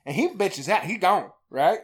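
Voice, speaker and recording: A woman hosting a podcast, retelling a movie in a crude, profanity-heavy, animated way. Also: fairly low pitch, moderate pace, slightly rough. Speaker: podcast host. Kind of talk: casual comedic movie recap.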